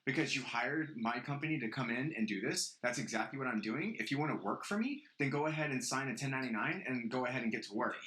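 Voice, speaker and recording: A young man hosts a casual podcast and tells his stories heatedly, swearing freely. His voice has a bright, forceful edge. The room around him is roomy and echoey. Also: medium pitch, lively intonation, quick pace, few pauses. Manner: profane, heated storytelling. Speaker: podcast host. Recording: roomy echo.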